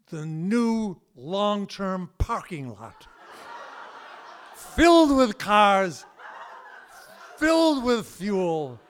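Man, live stage storytelling, animated, vocal sound effects, a bit high-pitched. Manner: animated, imitates sounds with his mouth. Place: live storytelling event in a hall.

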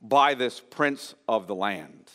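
A man preaching an expository sermon as pastor, earnest and explanatory, often pausing to restate a phrase. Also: medium pitch, sharp tone, in a large hall. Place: church sanctuary.

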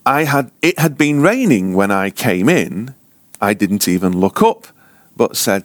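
A man with a lowish voice tells a sermon story at an unhurried pace. His pitch rises and falls widely as he leans into the drama, and at times his voice drops to a hushed near-whisper. The sound is close and dry. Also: very animated, dry recording. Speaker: ministry school teacher.

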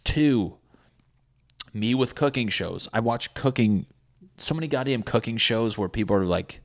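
A man's voice: medium pitch, lively intonation, a little slow. A young man talking casually as a podcast host, profane and sarcastic, mocking people in put-on voices. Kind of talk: casual rambling monologue.

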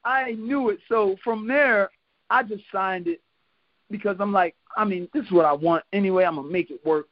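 High-voiced man telling stories. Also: normal speed, dry recording. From Philadelphia, USA. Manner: animated storyteller, laughs often, acts out quotes. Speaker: podcast guest, retired boxer. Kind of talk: casual storytelling interview. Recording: dull lo-fi podcast audio.

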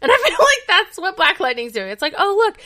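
Bright, lively woman chatting. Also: extremely high pitch, fast. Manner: animated, swears often, lots of "like". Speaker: podcast co-host. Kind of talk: casual chat.

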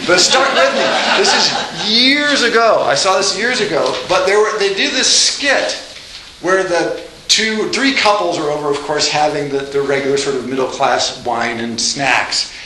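A man giving a classroom lecture, animated, acting out quoted dialogue with laughs. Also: a little high, moderate pace. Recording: echoey room with faint noise.

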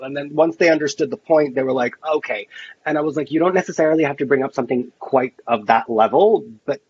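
A man's voice: medium pitch, fast, a little mellow, husky, highs cut off. A man chatting casually as a podcast guest, telling long rambling stories full of fillers and acted-out dialogue. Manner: rambling storyteller, many fillers and quoted dialogue. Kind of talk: casual chat.

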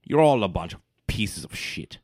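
Low-voiced guy preaching revolution in character, voice swinging all over, dry close sound. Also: sing-song, moderate pace, darkish tone, breathy edge, no echo. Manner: grandiose, lecturing revolutionary speeches. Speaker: player. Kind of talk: in-character tabletop role-play.

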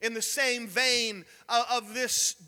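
High bright-voiced young male preacher. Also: slow, clean tone, big-room sound. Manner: animated, storytelling preaching with shouted peaks and sudden drops. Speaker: pastor. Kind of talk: sermon.

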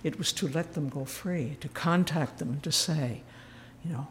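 A woman speaking as a retreat leader, sharing a personal story gently and earnestly, with self-deprecating humor. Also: deep voice, moderate pace, a little hiss or hum. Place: church. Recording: long church reverb.

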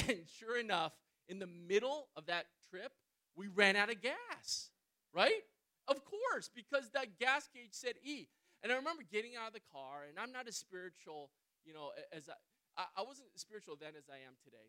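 A man preaching a sermon. He tells a personal story in an animated way, often checking in with listeners by asking "right?". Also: high voice. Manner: animated storyteller, swings between loud and quiet.

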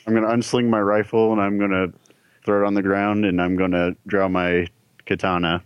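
A man's voice: lowish voice, level tone, brisk, smooth, no echo, muffled recording. A man speaking in character as a player in a tabletop game, laid-back and wry.

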